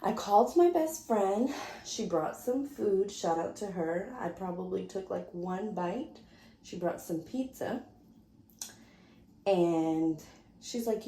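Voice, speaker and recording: Her voice is fairly low and slow, broken by long pauses, and the room she's in echoes. As a vlogger chatting casually to the camera, she tells a story animatedly, acting out what people said.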